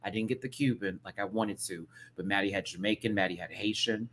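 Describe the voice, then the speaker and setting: A man hosting a casual live-stream review, ranting to his viewers in a sassy, slangy, animated way that swings between loud bursts and soft asides. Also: lowish voice, fairly quick. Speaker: show review host.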